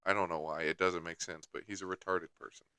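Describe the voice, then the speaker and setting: Young man, podcast co-host, lowish voice, bright edge, dry room, wry and crude. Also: fairly even intonation, quick pace, no echo. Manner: wry, profane, teasing. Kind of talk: casual chat. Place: studio.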